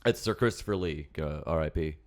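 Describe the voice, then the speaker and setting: A man's voice: extremely low pitch, fairly quick. A man hosting a casual podcast chat, rambling, joking and swearing freely. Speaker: podcast host.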